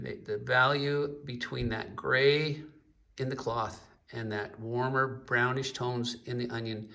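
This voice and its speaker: Gravelly-voiced man teaching painting. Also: mid-range voice, a bit bright, far from the mic. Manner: unhurried, explains while pointing at a painting. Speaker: painting instructor. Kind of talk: painting lesson with anecdotes.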